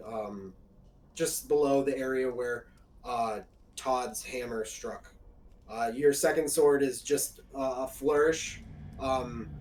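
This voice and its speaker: A man narrating a tabletop game as game master, relaxed and hesitant with lots of fillers. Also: medium pitch, reverberant, recorded from a distance, a little hiss or hum, low-quality recording.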